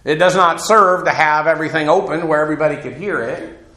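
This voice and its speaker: A man's voice: on the high side, fast, roomy sound, crowd noise. A man teaching through a Bible passage verse by verse, folksy and digressive, with asides and chuckles.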